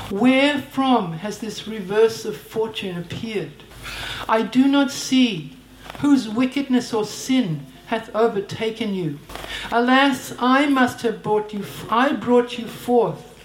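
A woman's voice: fairly high pitch, a little hiss or hum. A woman voicing a tender, grieving elderly queen mother who speaks in a formal, archaic way. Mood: lamenting. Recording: roomy echo.

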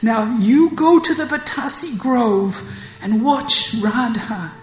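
A woman's voice: a little high, lively intonation, slow pace, echoey room, voice pushed up, low-quality recording. A woman voicing a pious old woman who wails and laments theatrically. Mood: sorrowful. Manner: wailing, theatrical.

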